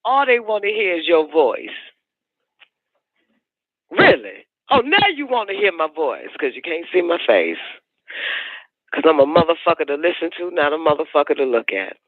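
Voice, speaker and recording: A man holds forth on a call-in radio show, preachy and profane, circling back to the same points again and again. His voice sits a bit high and swings widely in pitch. The sound is dry and squeezed into a narrow, phone-like band. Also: big pitch swings, moderate pace, long pauses, no echo.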